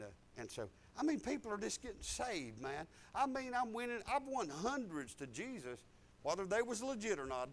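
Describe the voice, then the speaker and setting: A man, a preacher telling his own story in a folksy way that swings between loud and soft. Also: fairly high pitch. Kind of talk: preaching testimony.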